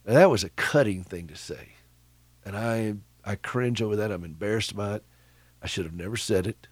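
Low-voiced man hosting a caregiver radio show. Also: normal speed, breathy edge, dry recording. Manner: storytelling, chuckling, asks listeners questions. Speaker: radio host. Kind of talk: conversational radio talk.

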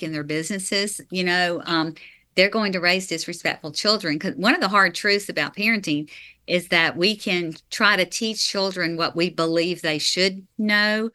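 A middle-aged woman with a bright, forceful voice, answering an interviewer earnestly. She talks in a slightly low register and lays out her points step by step, now and then with a light laugh. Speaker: author and parenting guest.

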